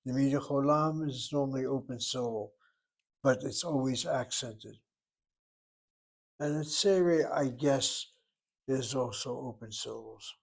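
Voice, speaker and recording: A man's voice: mid-range voice, measured pace, gravelly, pauses often, poor audio. Man teaching a casual Hebrew grammar lesson. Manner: thinks aloud, explaining grammar step by step. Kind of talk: informal recorded class lesson.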